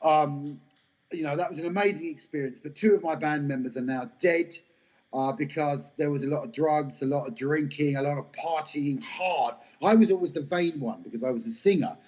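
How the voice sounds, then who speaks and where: A middle-aged man, telling lively, self-mocking stories as an interview guest. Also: fairly high pitch, moderate pace. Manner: animated, anecdotal, self-mocking. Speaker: guest actor. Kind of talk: casual storytelling interview. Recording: dull lo-fi podcast audio.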